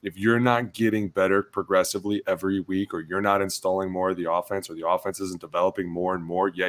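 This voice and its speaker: A man with a fairly low voice chats casually on a sports podcast. He tells stories with energy and acts out the coaches and players in them. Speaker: podcast co-host, former offensive lineman.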